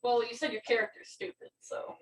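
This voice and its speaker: A woman's voice: on the high side, expressive, a little fast. A woman playing in a tabletop game, prodding others with teasing questions. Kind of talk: casual tabletop game chat. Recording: roomy and distant.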